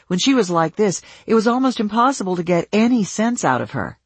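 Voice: medium pitch, big pitch swings, a little fast, breathy edge, dry recording. An audiobook narrator reading a suspense novel in scripted narration.

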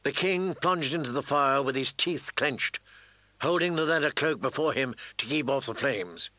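A man reading fantasy fiction aloud in measured, deliberate scripted narration. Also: mid-range voice, sharp tone, no room sound, poor audio. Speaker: audiobook narrator.

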